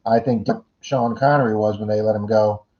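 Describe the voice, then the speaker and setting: A man's voice: on the low side, steady tone, normal speed. A middle-aged man hosting a casual livestream chat, greeting viewers by name and rambling through jokey asides. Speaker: livestream host. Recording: dull lo-fi stream audio.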